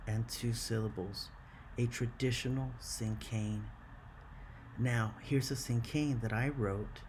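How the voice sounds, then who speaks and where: Male teacher, mid pitch, slow and encouraging, classroom lesson. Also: darkish tone, a little hiss or hum. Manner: slow and encouraging, counts syllables aloud.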